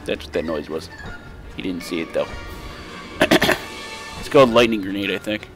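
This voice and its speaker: A young man hosts a let's play, casually talking over his gameplay with lots of excitement, cursing, and laughter. Recorded on a desk microphone, his deep voice keeps a moderate pace over music.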